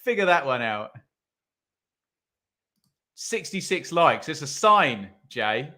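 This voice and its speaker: Bright-voiced man live-streaming football. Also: mid-range voice, very animated, measured pace. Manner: chatty, reads out viewer comments, wry asides. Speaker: watch-along streamer. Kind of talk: live football commentary and chat.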